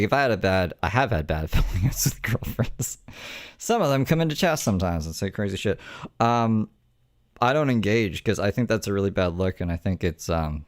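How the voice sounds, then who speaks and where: A young man with a very low voice speaks bluntly to his stream chat, laid-back and crude. The sound is dry and close, with no room around it. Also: no room sound. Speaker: streamer and host.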